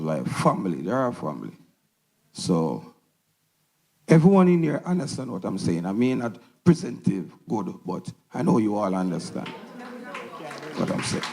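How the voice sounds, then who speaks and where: A man giving an emotional parent testimonial at a symposium, halting with simple phrasing. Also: fairly low pitch, creaky, a little mellow, husky, low-quality recording. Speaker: parent speaker. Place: symposium hall.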